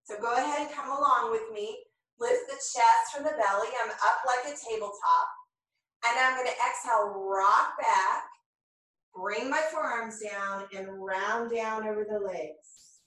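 A woman teaching a yoga class, calmly and slowly cueing each breath and movement. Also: on the high side. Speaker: yoga instructor. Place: home room, filmed on own camera. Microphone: camera mic at a distance. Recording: very echoey room, voice far from the mic.

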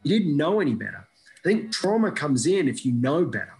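A man from Iraq, a guest in an interview, telling stories in a lively, casual way and often checking in with "right?". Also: fairly high pitch, brisk, vocal fry. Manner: animated storyteller who tags lines with "right?". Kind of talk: casual storytelling chat.

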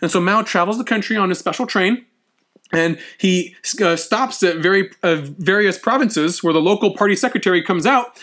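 A man with a high-pitched voice lecturing on history. He talks animatedly, slips into acted-out quotes, and often stumbles and restarts mid-phrase. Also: moderate pace, a bit bright.

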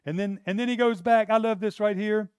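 A male preacher giving a sermon, retelling a story with animated energy that swings between quiet and loud. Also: high-pitched, fairly quick, smooth, dry recording, studio quality.

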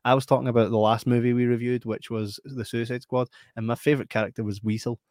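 A man's voice: medium pitch, level tone, fast talker, darkish tone, no echo. A Scottish man co-hosting a casual podcast, reading out viewer comments and joking around with his co-host. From Scotland. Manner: jokey, laughs often, reads out comments. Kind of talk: casual chat.

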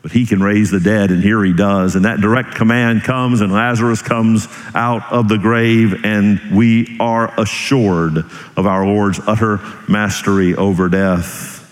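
A male pastor preaching with great animation, leaping up high for emphasis and then dropping low and slow. His voice rings out with a long hall reverb, as in a church sanctuary. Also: fairly even intonation. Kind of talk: sermon.

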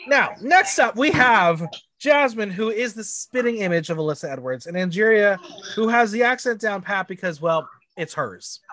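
A man with a notably high voice hosts a casual recap chat. His delivery is snarky and gossipy, full of quick asides and one-liners. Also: expressive, pushed and bright. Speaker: podcast co-host recapping a reality show.

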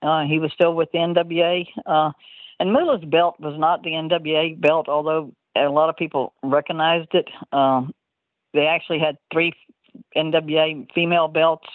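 A woman's voice: deep voice, fairly even intonation, moderate pace, dry recording. An older woman telling stories as an interview guest, rambling and laughing often mid-sentence, heard over a tinny phone line.

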